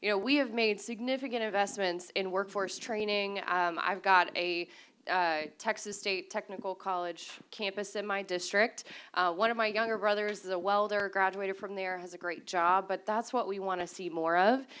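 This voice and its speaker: A woman's voice: medium pitch, fairly even intonation, moderate pace, a bit bright, clear, resonant tone. A woman state legislator answering a question on a panel in an upbeat, conversational way. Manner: upbeat, conversational, many fillers.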